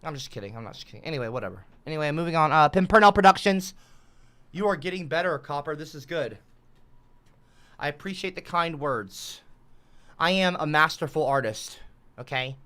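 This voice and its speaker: A woman's voice: low-pitched, lively intonation, brisk, fairly bright tone. Sarcastic rambling woman streamer. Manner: sarcastic, rambling, swears a lot. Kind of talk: casual rambling stream talk.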